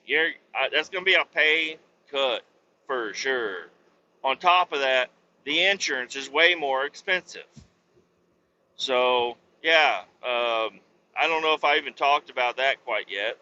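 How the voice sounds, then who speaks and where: A man's voice: on the high side, lively intonation, unhurried, highs cut off, slight background noise. A man in his thirties or forties hosting his own podcast from behind the wheel, rambling and swearing through every sentence over a headset mic. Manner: swears constantly, rants loudly. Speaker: podcast host. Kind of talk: profane rambling monologue. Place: driving a truck.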